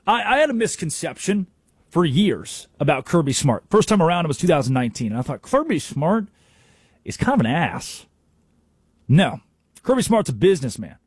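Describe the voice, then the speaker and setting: A man's voice: fairly high pitch, sing-song, fast talker, husky, no echo, studio quality. A man hosting a sports talk radio show, delivering an emphatic, opinionated monologue.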